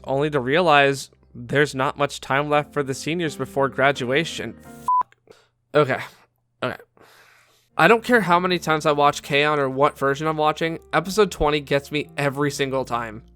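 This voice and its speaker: A man's voice: on the high side, fairly bright tone. A man giving scripted video-essay narration as an anime commentator, enthusiastic and candid with fan asides.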